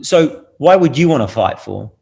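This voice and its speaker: A man's voice: medium pitch, animated, normal speed, vocal fry, darkish tone. A middle-aged man holds forth in a casual podcast conversation. He talks bluntly and preachily and swears freely. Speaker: podcast guest.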